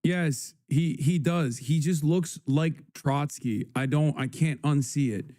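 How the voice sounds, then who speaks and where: A man's voice: fairly high pitch, slow, warm tone, dry recording, studio quality. A man hosting a live stream, ranting in a heated, profane, casual way. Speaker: livestream host.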